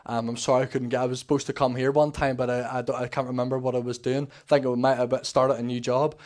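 Nervous Northern Irish man, flat-toned testimony. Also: medium pitch, fast. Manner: rambling, many fillers and restarts, acts out quoted talk. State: a bit nervous. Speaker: church member giving testimony. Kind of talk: personal testimony at a church service. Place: church service.

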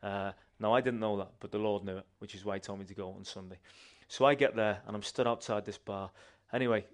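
Man telling a lively testimony. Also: lowish voice, fast talker. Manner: animated, conversational storytelling with restarts. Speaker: church member giving testimony. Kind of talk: personal testimony storytelling.

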